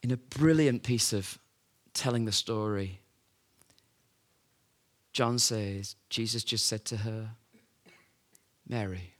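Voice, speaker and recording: A man's voice: fairly low pitch, slow, long pauses. A man preaching a sermon, telling the story in a conversational way with rhetorical questions and fillers.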